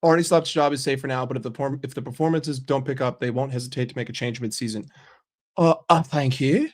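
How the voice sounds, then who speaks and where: A man hosting a live stream, chatting loosely with his viewers. He is animated and swears freely, and his voice sits at an ordinary middle pitch. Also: quick pace. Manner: animated, profane banter with chat. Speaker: livestream host. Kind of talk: casual live-stream chat.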